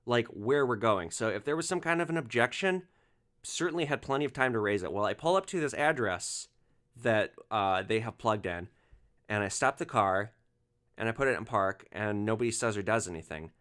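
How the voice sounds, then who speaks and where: A man hosting a podcast, telling a rideshare story in an animated monologue and acting out the passengers' lines. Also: on the low side, moderate pace. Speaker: podcast host, former rideshare driver.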